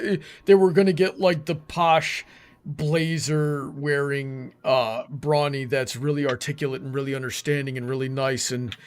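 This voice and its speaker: A man hosting a casual livestream chat, rambling along with lots of fillers and restarts. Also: fairly high pitch. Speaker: livestream host.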